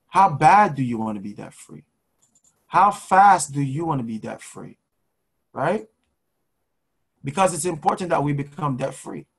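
Male show host, finance coach, husky and fairly high voice, preachy motivational delivery with repeated phrases. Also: low-quality recording. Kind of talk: motivational talk.

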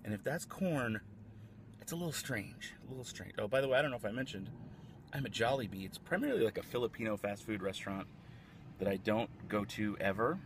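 A man vlogging casually at a fast food restaurant, rambling and talking with his mouth full as he tastes a dessert. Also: on the low side, expressive, a little hiss or hum. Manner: chatty, rambling, eating while talking. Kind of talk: casual food-tasting vlog.

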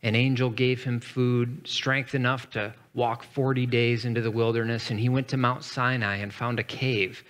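A man's voice: medium pitch, little pitch movement, normal speed, hardly any pauses, a bit bright. A male pastor delivering a conversational sermon, reading scripture with dramatic emphasis and speaking casually between readings.

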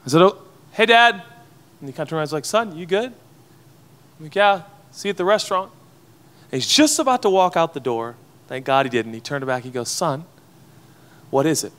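Before an audience of pastors in a conference hall, an American man in his thirties delivers a sermon built around a personal story. He sounds earnest and emotional, with a clear, resonant, mid-range voice and a fairly bright tone.

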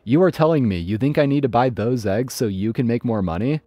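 A man's voice: mid-range voice, fairly quick, no room sound, muffled recording, lightly acted. A man voicing a stingy, suspicious male shopper who accuses and rants. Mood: ranting. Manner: yelling, accusing.

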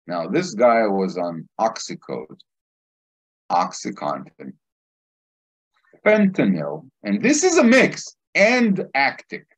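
Husky low-voiced man telling a story. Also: takes it slowly, long pauses, low-quality recording. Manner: animated storyteller acting out quotes. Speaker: cannabis instructor. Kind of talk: casual anecdote storytelling.

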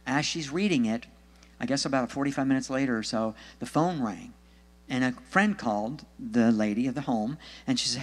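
A man's voice: medium pitch, moderate pace, big-room sound. A man, a Christian author and speaker, telling testimony stories and urging listeners on in an earnest, exhorting sermon style.

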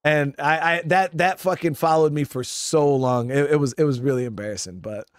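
A man's voice: on the high side, moderate pace, no echo, studio quality. A Marine veteran telling a story in a casual, rambling way, swearing often and calling his listeners guys. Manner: profane, rambling, keeps addressing listeners as guys.

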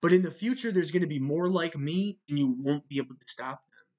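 A speaker giving a religious monologue in a measured way, spelling out words letter by letter and repeating them for emphasis. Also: medium pitch, darkish tone, muffled recording. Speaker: religious video narrator.

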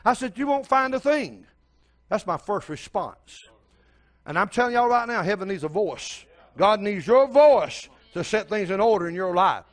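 Older preacher, high voice. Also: male voice, lively intonation, moderate pace. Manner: storytelling preacher, addresses the congregation directly. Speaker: pastor. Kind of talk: sermon.

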